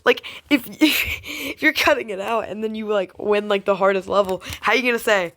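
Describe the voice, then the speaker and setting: A woman's voice: medium pitch, fairly quick, hardly any pauses, fairly bright tone. A young woman talks casually to her camera as a gaming YouTuber. She rambles, giggles and teases, and often lets a thought trail off before jumping to the next.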